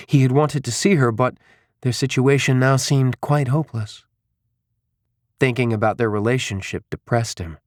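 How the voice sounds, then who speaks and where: A man narrating an audiobook in a steady, even storytelling manner. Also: medium pitch, no echo, studio quality. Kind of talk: scripted narration.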